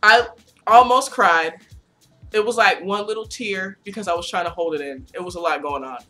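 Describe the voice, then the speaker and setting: A young woman vlogger chatting casually about a concert, gushing, excitable and full of slang and swearing. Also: fairly low pitch, moderate pace, faint music behind. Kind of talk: casual concert recap chat.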